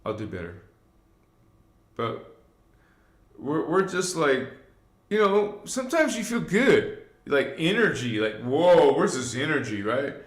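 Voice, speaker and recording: Slow rambling man with a lively voice. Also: on the high side, echoey room. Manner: loose, meandering, frequent fillers and asides; addresses viewers directly and preachy. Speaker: livestream host. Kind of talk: rambling live spiritual talk.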